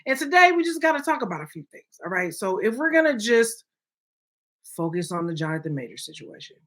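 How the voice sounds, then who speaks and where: Bright, emphatic woman co-host. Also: mid-range voice, very animated, a little fast. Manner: emphatic, frequent "okay?" check-ins. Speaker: podcast co-host. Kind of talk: opinionated casual chat.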